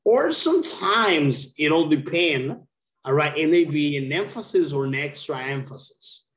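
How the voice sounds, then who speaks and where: Slow, patient man teaching English. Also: fairly high pitch, expressive, a bit bright. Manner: slow, patient, repeats key words. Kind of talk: online English lesson. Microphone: video call. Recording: roomy echo.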